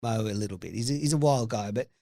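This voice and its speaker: A man's voice: fairly low pitch, fast talker, gravelly, mellow, dry recording, studio quality. A man hosting a podcast, asking rambling questions full of fillers. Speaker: podcast host. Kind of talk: casual interview.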